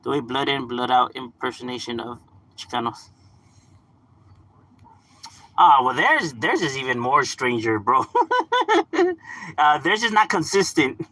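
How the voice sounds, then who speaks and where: A young man from Southern California chatting casually on a live stream, relaxed, swearing and laughing often. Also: mid-range voice, unhurried, long pauses. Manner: laid-back, laughs often, drops swear words and slang. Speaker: livestream gaming host.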